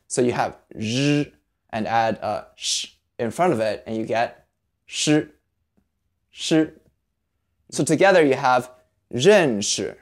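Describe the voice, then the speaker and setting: A language teacher giving a video lesson, patient, spelling sounds out slowly and carefully. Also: medium pitch, animated.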